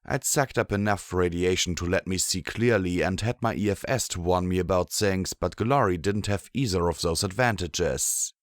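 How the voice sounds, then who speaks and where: A man narrating a first-person audiobook in an expressive storytelling manner. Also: low voice, no room sound, clean studio sound.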